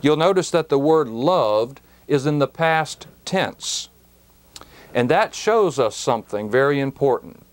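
A man teaching a Bible verse on a broadcast program, deliberate and emphatic, dwelling on key words. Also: fairly high pitch, lively intonation.

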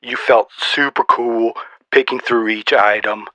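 A man's voice: medium pitch, fairly even intonation, unhurried, sharp tone, dry recording. A man voicing a boastful, snarky old male Santa Claus, roasting people in a mock-stern way for a comedy podcast sketch.

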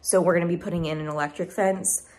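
A woman's voice: lowish voice, fairly even intonation, fast, a little mellow. A young woman chatting casually in a home vlog, rambling with fillers as she talks through moving into a house. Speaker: vlogger. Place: house being moved into.

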